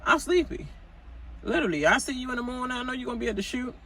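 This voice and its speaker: A woman talks through a reality-TV recap like she is gossiping with a friend. Her voice is bright and sharp, and she fills it with ums and pointed remarks aimed at the cast. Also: on the high side, rapid-fire, slight background noise, rough recording. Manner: gossipy and chatty, many fillers, talks straight to cast members. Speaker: TV recap vlogger. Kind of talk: casual reality-TV recap rant.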